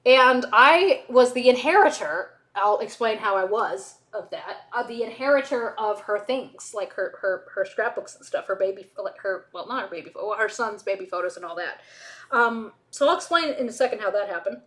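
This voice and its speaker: Lively-pitched woman rambling through a stream. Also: moderate pace. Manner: rambling, tangent-prone, frequent self-interrupting asides. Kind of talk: casual chat while video editing.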